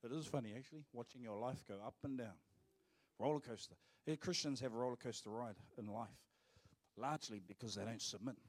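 A man's voice: medium pitch, fairly quick. New man preaching with emphasis. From New Zealand. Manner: emphatic preaching, turns to joking asides with the congregation. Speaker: pastor. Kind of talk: sermon. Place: church service, live.

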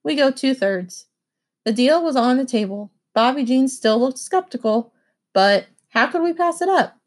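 A woman reading a children's novel aloud with expressive first-person narration. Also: sits high, moderate pace. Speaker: audiobook reader.

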